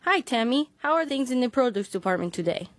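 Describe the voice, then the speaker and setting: A woman voicing a chirpy, accented female shopper in a recorded radio comedy bit, bright and overly friendly. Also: on the high side, animated, a little fast, voice pushed up, natural voice. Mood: cheery. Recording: old comedy album clip played on air.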